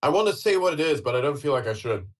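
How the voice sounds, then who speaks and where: A man hosting a casual online chat, ranting and swearing with bursts of laughter, in a husky voice. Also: fairly high pitch, fast. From Europe. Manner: profane, animated ranting with laughter. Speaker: host.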